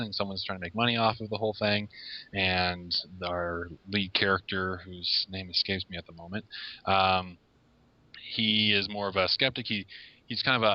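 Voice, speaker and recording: A lower-voiced man as a podcast guest, walking through a movie's story in a steady, explanatory way. The sound is muffled and lo-fi. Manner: measured, explanatory, summarizing plots. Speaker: guest film reviewer. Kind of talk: casual interview. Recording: lo-fi podcast recording.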